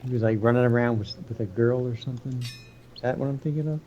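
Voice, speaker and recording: A man playing a co-op game with a friend, talking in a halting, laid-back way and asking lots of questions. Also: medium pitch, muffled recording, slight background noise. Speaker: co-op gaming partner. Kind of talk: casual gameplay chat.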